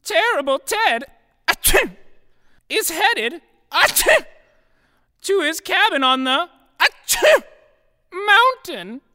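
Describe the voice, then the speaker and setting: A tiny, squeaky miner who sneezes. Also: male voice, sing-song, takes it slowly, long pauses, bright, forceful tone, in a large hall, exaggerated voice. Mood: urgent. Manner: sneezes between words.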